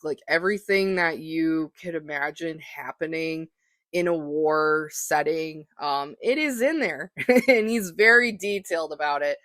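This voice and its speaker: Chatty podcast host rambling solo, lots of ums and likes, medium pitch, dry close sound. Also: a bit bright, no echo. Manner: enthusiastic, self-deprecating. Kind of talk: casual solo book-talk monologue.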